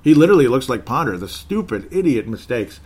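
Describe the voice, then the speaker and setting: A man's voice: mid-range voice, very animated, brisk, darkish tone, slightly rough. A man hosting a sports podcast in casual chat, rambling, chuckling often and correcting himself as he reads listener comments.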